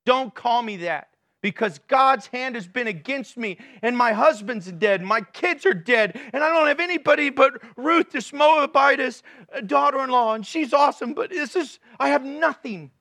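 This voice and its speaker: Bitter grieving old widow, despairing lament, put on by a high-voiced preaching man. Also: expressive, moderate pace, gravelly, pushed and bright, dry recording, studio quality, full character voice.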